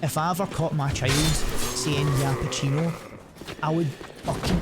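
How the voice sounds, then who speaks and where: A man's voice: a little high, steady tone, measured pace, over loud music. A young man streaming a game, rambling and swearing as he laughs through casual commentary. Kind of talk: casual commentary over gameplay. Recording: noisy background.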